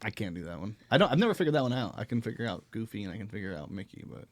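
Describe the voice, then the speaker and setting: Lively laughing comedian man. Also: fairly low pitch, rapid-fire, no room sound. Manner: laughs often, swears, animated storytelling. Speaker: podcast host. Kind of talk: casual comedic chat.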